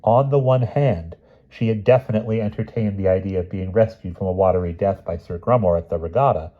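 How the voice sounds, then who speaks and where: A man reading a novel aloud in an expressive, measured storybook narration, on a dull lo-fi recording. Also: low voice. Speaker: audiobook reader.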